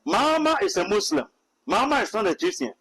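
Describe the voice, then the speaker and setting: Ghanaian male prophet, high voice, preachy and halting. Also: big pitch swings, a bit bright, husky, low-quality recording. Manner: preachy, repetitive, hesitant restarts. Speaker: self-styled prophet. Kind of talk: animated Twi commentary mixed with English.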